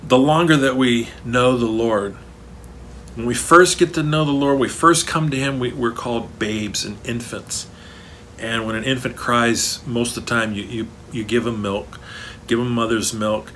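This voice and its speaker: A man's voice: mid-range voice, moderate pace, fairly bright tone, slight background noise. Earnest male pastor preaching. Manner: earnest, rising to emphatic preaching. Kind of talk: sermon. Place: church, online service.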